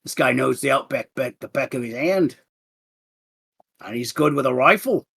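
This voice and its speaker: A hearty older man running a small outback crew, loud and friendly, voiced by a man. His voice rises and falls with easy enthusiasm. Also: mid-range voice, expressive, moderate pace, creaky, slightly rough, heavily acted.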